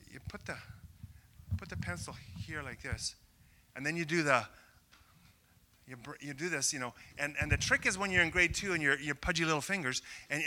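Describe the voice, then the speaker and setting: Older canadian pastor guy preaching, really bright edgy voice, gets animated and jokey. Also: fairly high pitch. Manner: animated, self-deprecating storytelling with rising excitement. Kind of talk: sermon.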